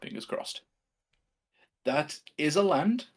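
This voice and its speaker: Brief: male player, raspy voice, dry and hesitant, pitch moves a lot. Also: animated, slow pace. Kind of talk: casual game chat.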